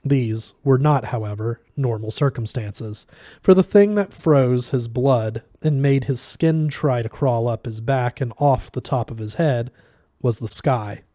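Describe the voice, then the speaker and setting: Mellow-voiced man reading a novel. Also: medium pitch, no room sound, studio quality. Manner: measured, expressive narration. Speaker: reader.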